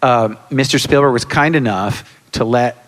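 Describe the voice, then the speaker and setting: A man in his sixties, a guest on a live convention panel, telling lively anecdotes and acting out quotes and sound effects. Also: medium pitch, normal speed. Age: 60s. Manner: animated storyteller, acts out quotes and sound effects. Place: large hall with live audience. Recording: reverberant hall.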